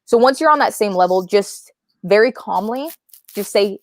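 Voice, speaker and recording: A woman's voice: medium pitch, expressive, normal speed, no room sound. A young woman talking as a guest in a casual interview, chatty and often asking "right?" to check in.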